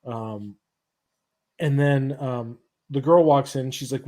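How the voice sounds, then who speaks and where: A man hosts a podcast in easygoing chat, his pace slow and unhurried. He pauses often and restarts phrases as he retells the story. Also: mid-range voice, fairly even intonation, darkish tone. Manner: halting retelling of a comic's plot. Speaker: podcast host. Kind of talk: casual chat.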